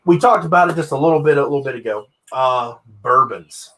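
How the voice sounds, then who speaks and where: A man's voice: medium pitch, fairly quick, fairly bright tone. Chatty man hosting a casual video-call chat. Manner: chatty, repeats words, likes doing impressions. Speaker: host.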